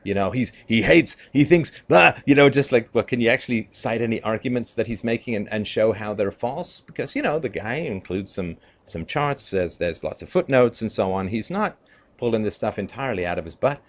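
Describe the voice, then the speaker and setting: A man's voice: fairly low pitch, animated, fairly quick. A man giving an opinion commentary monologue, emphatic and conversational, leaning on "you know" and "right?" and chuckling between points. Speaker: political commentator.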